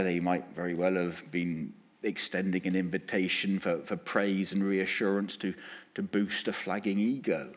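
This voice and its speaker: Lively male preacher. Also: lowish voice, slightly rough. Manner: lively, with acted-out quotes. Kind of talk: sermon. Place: church.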